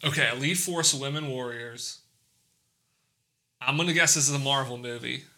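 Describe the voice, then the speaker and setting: A man's voice: mid-range voice, normal speed, sharp tone. A man guessing movie quotes in a casual game, upbeat and jokey. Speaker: quiz player.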